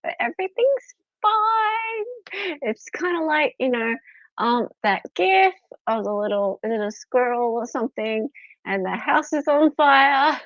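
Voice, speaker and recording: A woman's voice: a little high, animated, measured pace, no echo. A middle-aged Australian woman hosting a casual livestream from home, chatty and giggly as she greets her viewers. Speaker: livestream host. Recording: slightly dull lo-fi audio.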